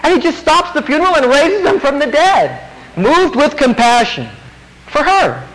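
A man preaching a sermon, animated, acting out quotes and asking the congregation questions. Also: very high voice, moderate pace, slight background noise, rough recording.

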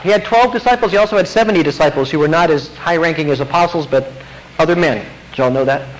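A man preaching a sermon, animated, acting out quotes and asking the congregation questions. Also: high voice, slight background noise, rough recording.

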